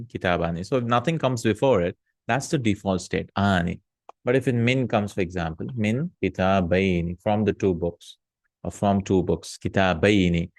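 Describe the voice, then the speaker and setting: A man's voice: low voice, darkish tone, dry recording, clean studio sound. A man teaching an Arabic grammar lesson, reading Arabic lines aloud and then translating them step by step, with frequent hums and uhs.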